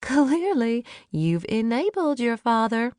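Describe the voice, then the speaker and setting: Woman reading a gentle wry older southern lady, slow and soft. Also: mid-range voice, expressive, no room sound, studio quality. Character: genteel older Southern woman, playful godmother.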